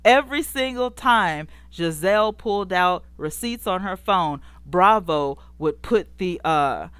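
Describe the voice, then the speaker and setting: A sassy woman hosting a gossip commentary show, chatting with her live viewers. Her voice sits a little low for a woman and sounds close and dry. She talks in an animated, scolding way and laughs often. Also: a little slow, clean tone, no echo. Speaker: show host. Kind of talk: casual celebrity gossip commentary, greeting live chat viewers.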